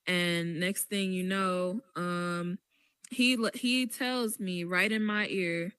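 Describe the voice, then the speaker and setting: A woman's voice: fairly low pitch, fairly even intonation, slow pace, fairly bright tone, clear, resonant tone, no echo. A woman hosting a podcast, telling a story with emphasis and animation. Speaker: podcast host. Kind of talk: casual podcast chat.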